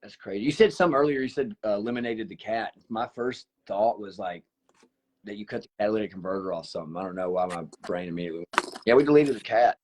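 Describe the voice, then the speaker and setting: A man's voice: lowish voice, quick pace. A man hosting a podcast, blunt and profane as he teases his guest and tells his own stories. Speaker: podcast host. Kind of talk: casual podcast chat.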